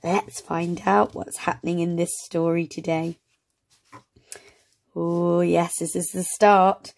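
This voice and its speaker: A woman reads a children's phonics book aloud at an unhurried pace. She spells words out letter by letter and praises her young listeners as she goes. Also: fairly low pitch, little pitch movement, gravelly, a little mellow. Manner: slow, encouraging, sounds out words letter by letter. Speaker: early reading teacher.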